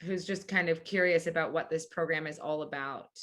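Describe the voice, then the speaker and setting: A woman's voice: low-pitched, brisk. A woman hosting a podcast interview, chatty and effusive. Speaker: podcast host and coach. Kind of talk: casual interview.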